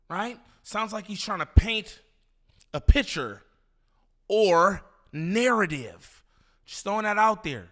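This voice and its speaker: Casual male reaction host, slangy and disbelieving, slightly high pitch. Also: expressive, takes it slowly, a bit bright. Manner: incredulous, slangy, repeats himself, laughs. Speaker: commentary host reacting to a clip.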